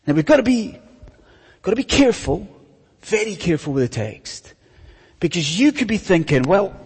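A male preacher giving a sermon, firing rhetorical questions at the congregation and dropping to a hushed whisper for emphasis. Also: high-pitched, slightly rough. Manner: animated, asks the congregation many rhetorical questions. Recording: long hall reverb.

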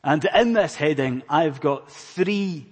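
Scottish male preacher, earnest sermon delivery, slightly husky and higher voice, long hall echo. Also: expressive, slow. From Scotland. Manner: earnest, questioning the congregation, swings between loud emphasis and hushed lines. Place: church in a large hall.

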